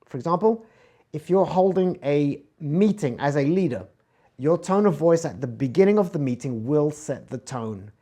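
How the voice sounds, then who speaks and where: A man leads an online communication lesson with a voice pitched a touch high. He moves between loud, bright emphasis and soft, low murmurs to show how tone changes meaning. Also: expressive, normal speed. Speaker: communication coach. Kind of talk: instructional talk from an online course.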